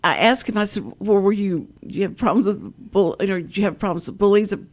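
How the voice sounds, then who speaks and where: A woman's voice: medium pitch, brisk, a little mellow. An older woman hosting a community radio talk show, chatting and laughing often as she tells stories. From Texas. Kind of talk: casual radio chat.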